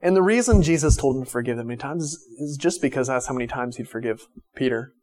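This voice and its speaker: A man's voice: medium pitch, fast, darkish tone. A male pastor preaching a conversational sermon who retells Bible scenes in casual everyday language.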